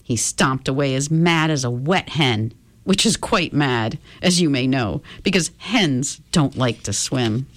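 A woman reading a children's chapter book aloud in a gentle, expressive storytelling manner. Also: rumbling low, unhurried.

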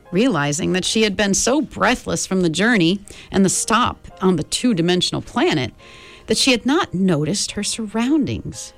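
Woman reading a kids novel out loud, really animated, soft music under. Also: lowish voice. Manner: expressive, voices each character. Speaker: audiobook narrator. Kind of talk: storybook reading.

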